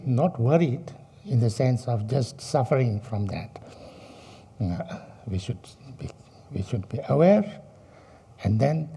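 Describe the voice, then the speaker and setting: Slow, dark-voiced man teaching dharma. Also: mid-range voice, gravelly, husky. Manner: slow, halting, many fillers and rhetorical questions. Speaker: Buddhist teacher.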